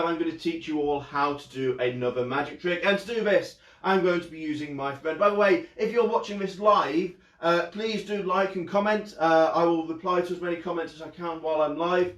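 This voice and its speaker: Jokey young guy doing kids magic tricks live, slightly high voice, far from the mic. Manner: playful, jokey, talking straight to children. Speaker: children's entertainer. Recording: roomy echo, mic at a distance.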